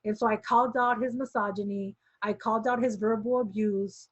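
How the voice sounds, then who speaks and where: A woman's voice: medium pitch, fairly even intonation, fairly quick, no echo. A woman casually telling her story as a former movement member, acting out quoted dialogue with many "like" fillers. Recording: dull, dry sound.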